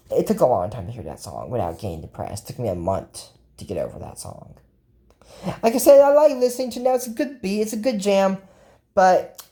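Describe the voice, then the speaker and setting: A woman with a low, mellow voice chats her way through a cartoon episode recap. She rambles and quotes the characters along the way, and her pitch swings up and down a lot. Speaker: video commentator.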